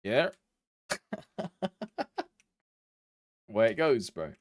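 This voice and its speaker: Brief: slow, laid-back British man with a British accent, lively pitch, casual stream chat. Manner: laid-back, lots of laughing asides.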